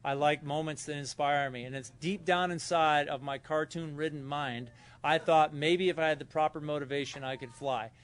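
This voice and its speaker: Man with a Southern California accent, a little high-pitched, tells a loose, rambling recovery story at a meeting. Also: steady tone, moderate pace, clean tone. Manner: loose, rambling, acts out quotes loudly. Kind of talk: personal story told to a meeting. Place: hotel meeting room.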